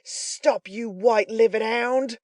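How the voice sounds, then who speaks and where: A man voicing a ferocious, brutal robber who growls and shouts furiously. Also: very high voice, very slow, no echo, studio quality, voice pushed up, heavily acted.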